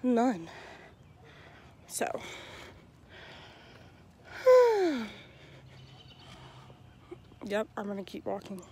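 A woman's voice: a little high, huge pitch swings, extremely slow, pauses often, dark tone, a little hiss or hum. A young woman rambling in a casual, self-deprecating way while filming herself out of breath on a walk through her neighborhood. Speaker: vlogger. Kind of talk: casual walking vlog. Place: outdoors walking around a neighborhood. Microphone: handheld phone at arm's length.

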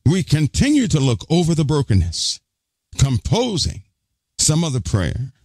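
A man's voice: on the high side, wildly swooping pitch, unhurried, darkish tone, slightly rough, dry recording. A man preaching, firing off emphatic rhetorical questions at his listeners. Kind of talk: preaching to a congregation.

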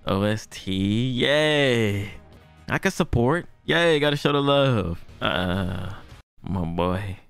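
A man's voice: lowish voice, expressive, takes it slowly, gravelly, fairly bright tone, clear, resonant tone, soft background music. A man hosting an anime reaction channel, talking in loose, slangy, profane commentary and laughing often.

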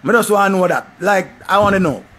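A man's voice: sits high, fast. A man with a Jamaican accent giving casual, profane commentary. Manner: animated, repetitive, profane. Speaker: vlogger.

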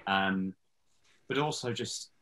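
Thoughtful low-voiced man. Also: takes it slowly, pushed and bright, low-quality recording. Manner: thoughtful, searching for words. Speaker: online content creator guest. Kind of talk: casual interview chat.

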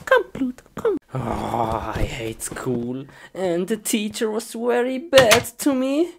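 A woman's voice: medium pitch, slow, vocal fry. A woman acting out a comedy skit, talking in simple broken phrases and yelping and groaning at every mishap. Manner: excitable, yelps and groans at mishaps. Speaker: skit performer. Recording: noisy homemade recording.

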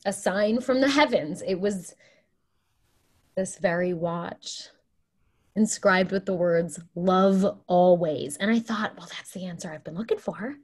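A woman's voice: fairly low pitch, measured pace, husky. A woman voicing a tactless, chatty woman who counsels couples, read over a video call. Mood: earnest. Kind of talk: Zoom play reading.

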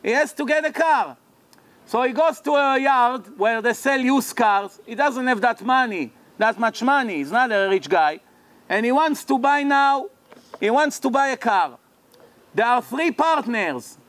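A man with a very high voice gives a religious lecture in English, a language he did not grow up speaking. He tells a long story and voices each person in it, so his pitch and loudness swing widely between narration and their lines. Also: a little slow. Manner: animated, acts out the characters' lines in the story. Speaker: rabbi. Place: lecture hall.

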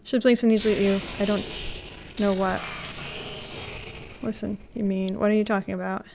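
A woman streams a game live and reads its text aloud, breaking off into excited gasps and laughs. Her voice sits at a middle pitch. A faint hum of room ambience runs underneath. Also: moderate pace, gravelly.

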